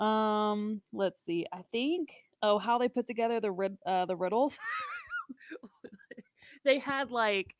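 A woman's voice: medium pitch, slow pace, long pauses, slight background noise. A woman co-hosting a movie review show in casual chat, talkative and laughing often between fillers.

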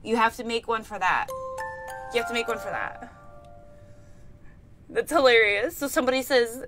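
A woman's voice: fairly high pitch, moderate pace, pauses often, a bit bright, faint music behind. A young woman streaming live, chatting casually and greeting viewers, breaking into frequent laughter. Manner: giggly, laughs often and reads chat names aloud.

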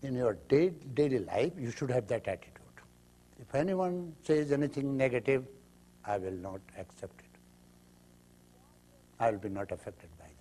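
Man, spiritual teacher, lively pitch, emphatic storytelling. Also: moderate pace, long pauses. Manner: emphatic storytelling with acted quotes. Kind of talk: spiritual lecture.

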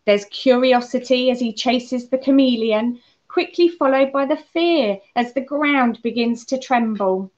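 A woman leading a children's holiday club, telling a story and talking gently to the kids. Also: a little high, unhurried, few pauses. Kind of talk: children's talk on a Bible lesson. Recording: muffled lo-fi church recording.

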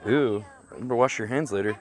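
A man's voice: lowish voice, brisk. A man live-streaming from an outdoor petting zoo, talking nonstop with crude, joking banter into a handheld mic. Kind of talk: casual live-stream commentary.

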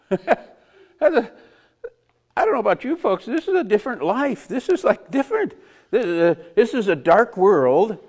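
A man's voice: high-pitched, a little mellow. A man preaching a conversational sermon, asking the congregation rhetorical questions and chuckling between points. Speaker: pastor.

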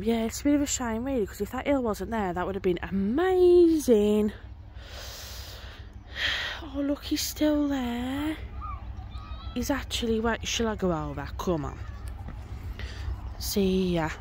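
A woman's voice: mid-range voice, mellow, a little hiss or hum. Chatty young woman vlogging outdoors. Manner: chatty, rambling with many fillers. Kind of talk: casual travel vlog chat. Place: outdoors by a field of horses at a campsite.

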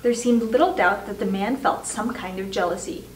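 Woman reader, children's book read-aloud, measured; roomy, distant mic, faint hiss. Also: mid-range voice. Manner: measured, slows for emphasis. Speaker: volunteer reader.

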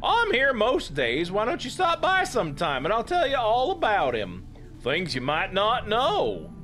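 A man's voice: sits high, huge pitch swings, measured pace, sharp tone, soft background music, voice pushed up, heavily acted. A man voicing a bawdy, chatty older woman who teases and draws out her words. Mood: teasing.

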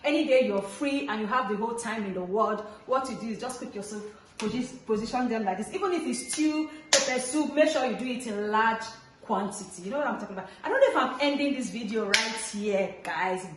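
High-voiced Nigerian woman vlogging. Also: a little fast. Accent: Nigerian English. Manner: chatty, teasing, lively preaching. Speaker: family vlogger. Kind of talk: casual cooking vlog chat. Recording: echoey room with background noise.

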